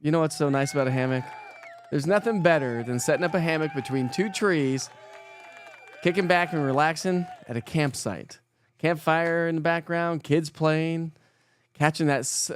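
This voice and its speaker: Chatty male weatherman, fairly high voice. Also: normal speed. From Colorado. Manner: chatty, self-mocking, laughs often, stumbles over words. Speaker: TV meteorologist hosting a morning weather stream. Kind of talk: casual live-stream chat reading viewer comments.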